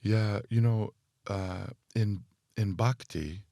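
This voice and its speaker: A man speaking as a podcast guest and spiritual teacher, thoughtful and full of fillers, growing more animated as he explains. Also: on the low side, slow, no echo. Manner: thoughtful, speaks in loose phrases with many fillers. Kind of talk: reflective podcast conversation.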